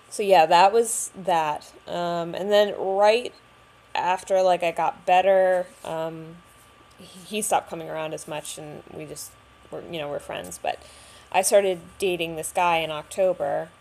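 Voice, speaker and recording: A woman's voice: sits low, vocal fry, darkish tone, slight background noise. A young woman talking candidly to camera about a hard time, chatty and full of fillers. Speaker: vlogger. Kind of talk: personal storytelling to camera.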